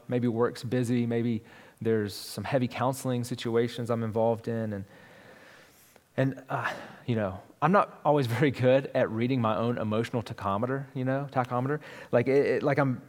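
A man's voice: medium pitch, long reverb tail. A man in his thirties preaching a sermon as pastor, conversational and storytelling, with frequent restarts.

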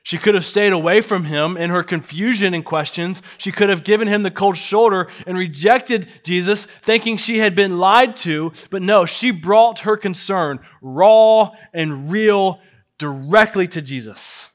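A pastor preaching an earnest sermon to his church, dropping to hushed lines and then rising to stressed ones. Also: high-pitched, normal speed, few pauses.

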